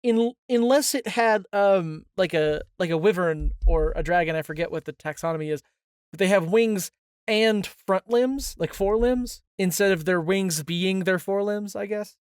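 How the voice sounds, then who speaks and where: A male co-host in a joking podcast chat, trading deadpan, wry remarks. The recording is close and dry, with no room sound. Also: sits high, moderate pace, clean tone, no echo. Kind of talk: casual comedic chat.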